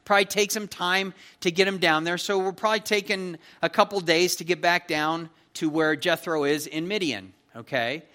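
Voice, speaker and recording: A man's voice: high-pitched, normal speed, few pauses, pushed and bright. A man preaching an expository sermon in a conversational, emphatic way, often checking in with his listeners. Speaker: pastor.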